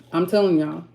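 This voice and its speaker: Woman, tarot-reading vlog host, lowish voice, frank heated rant, frequent throat-clearing. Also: warm tone. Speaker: tarot reader and channel host. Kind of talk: candid ranting vlog.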